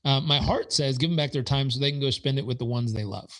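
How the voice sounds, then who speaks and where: A man in his forties, a podcast guest and business consultant, telling stories in an animated way and acting out quoted dialogue. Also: medium pitch, fast talker, rough recording. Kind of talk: conversational storytelling.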